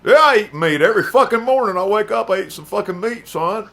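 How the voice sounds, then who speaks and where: A man playing a brash, swaggering redneck tough guy, who makes loud, boastful threats and brags in a gravelly voice. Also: lively intonation, quick pace, full character voice. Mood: blustering. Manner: cocky bragging threats, drops to low confiding mutter. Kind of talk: improvised comedy character bit.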